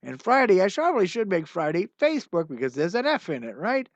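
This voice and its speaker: An older man hosting a livestream of his songs, chatting casually and rambling with plenty of "uh" fillers, then signing off warmly to his viewers. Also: high-pitched, sing-song, brisk, no echo. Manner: warm, encouraging sign-off. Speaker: singer-songwriter hosting a livestream. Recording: dull, muffled lo-fi sound with faint music.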